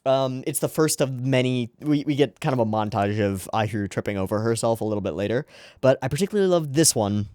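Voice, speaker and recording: A man talking through an anime episode in loose, casual commentary, his pitch swooping up and down as he gets excited. He rambles, restarts and swears without a second thought. The sound is close and dry, with no room around it. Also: fast, smooth, dry recording. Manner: animated, rambling, swears freely. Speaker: anime reaction channel host.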